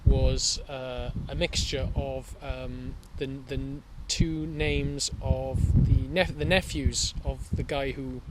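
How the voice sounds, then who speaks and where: A man's voice: medium pitch, fairly even intonation, slow, hardly any pauses, heavy background noise. A man co-hosting a comedy podcast, telling rambling anecdotes full of crude jokes in casual chat. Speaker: podcast co-host.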